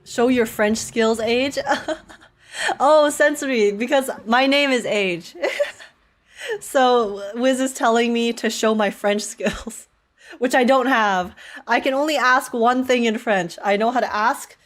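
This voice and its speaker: A woman's voice: fairly high pitch, slow. A young woman from Canada chatting and laughing often while live-streaming a game. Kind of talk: live gameplay chat.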